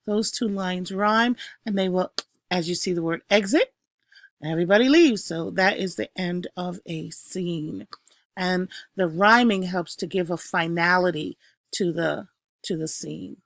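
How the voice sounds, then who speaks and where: A woman teacher recording a review lesson, calling out each term with emphasis and then explaining it slowly with the odd filler. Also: medium pitch, no room sound, studio quality. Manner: slow, explanatory, punches each new term.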